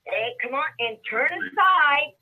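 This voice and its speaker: A woman's voice: high-pitched, lively intonation, a little slow, phone-quality sound. A woman preacher delivering a sermon, emphatic and repetitive, calling out to the congregation for responses.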